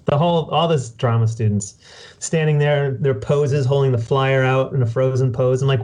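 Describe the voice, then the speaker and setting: A man hosting a casual interview, talking in a relaxed, reflective way. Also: mid-range voice, moderate pace. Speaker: podcast host.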